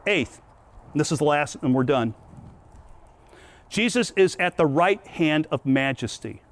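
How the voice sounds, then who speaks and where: Man, preacher, sermon, earnest, emphatic storytelling, somewhat high voice. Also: unhurried. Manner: earnest, emphatic, lively retelling.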